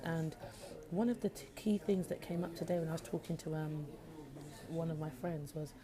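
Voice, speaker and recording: A woman's voice: deep voice, normal speed. A woman chatting casually to camera while eating breakfast in a café. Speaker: vlogger. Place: busy café. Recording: phone in a noisy café. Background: café crowd chatter.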